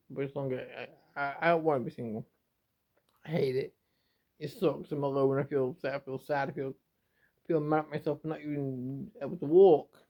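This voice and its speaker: A man from England talking to his camera in a rambling, emotional home vlog, often repeating and restarting himself. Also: fairly high pitch. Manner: emotional, repetitive, halting. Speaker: YouTuber. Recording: dull lo-fi home recording.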